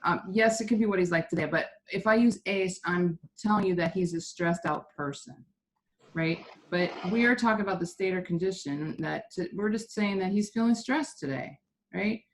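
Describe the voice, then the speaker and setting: Low-voiced woman teacher, patient, explains grammar step by step; faint noise behind. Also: moderate pace. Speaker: Spanish teacher. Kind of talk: online Spanish class.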